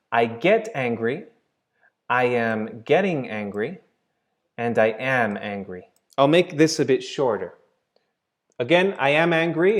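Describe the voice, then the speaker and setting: A man teaching English grammar, explaining slowly and checking in with "right?" and "okay?" as he goes. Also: medium pitch. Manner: patient, repeats points with "right?" and "okay?".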